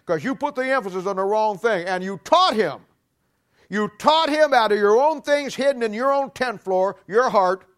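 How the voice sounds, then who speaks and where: A man preaching a sermon emphatically, voice dropping low and soft at the ends of points. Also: animated, moderate pace. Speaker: pastor.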